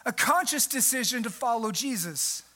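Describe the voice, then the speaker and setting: A young man preaching a sermon, animated, with sudden jumps in pitch and loudness for emphasis, mimicking the people in his story. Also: normal speed. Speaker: pastor.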